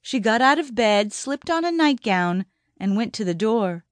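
A woman reads an audiobook in a measured, even manner. Her voice is somewhat high and unhurried, recorded dry and close with no room sound. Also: no echo. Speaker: audiobook narrator. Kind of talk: scripted narration.

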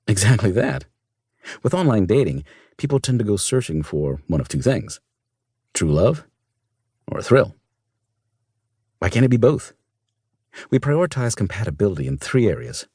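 Deep husky male audiobook narrator. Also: darkish tone, no echo, studio quality. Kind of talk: first-person audiobook narration.

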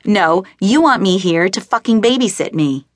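A woman's voice: mid-range voice, lively intonation, moderate pace, dry recording, clean studio sound, lightly acted. Furious young man, swearing, cruel edge; woman narrator doing it. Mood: bitter. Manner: shouting, bitter, cursing. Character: angry young man yelling at his father.

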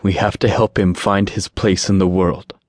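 A man voicing a sentimental, gentle male angel with a soft, earnest way of talking, in an audiobook. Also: deep voice, flat delivery, normal speed, no room sound, studio quality, close to an everyday voice. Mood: insistent.

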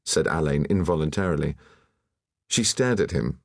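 A man with a very deep, low voice reading a classic mystery audiobook in a measured, even way. The recording is close and dry, with no room sound at all. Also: vocal fry, no room sound. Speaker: audiobook narrator. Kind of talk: scripted narration.

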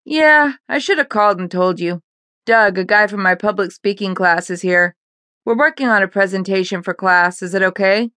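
A woman's voice: medium pitch, moderate pace, sharp tone, no echo, natural voice. A woman voicing a casual, offhand young man in college, in an audiobook. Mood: eager. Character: easygoing college-age son.

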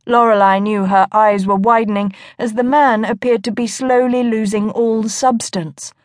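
A woman reading a romance novel aloud as an audiobook narrator, slow and measured. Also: fairly high pitch, steady tone, darkish tone, no room sound, clean studio sound.

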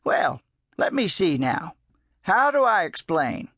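A man's voice: high-pitched, big pitch swings, slow, fairly bright tone, no echo, clean studio sound, voice pushed up, full character voice. A man doing Jones, a folksy old drifter. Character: folksy old male drifter, gentle and teasing.

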